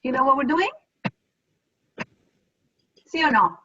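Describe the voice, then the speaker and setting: A woman's voice: sits high, animated, slow pace, sharp tone, muffled recording. A woman teaching a Spanish class over a video call, explaining patiently and step by step. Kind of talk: online class lesson.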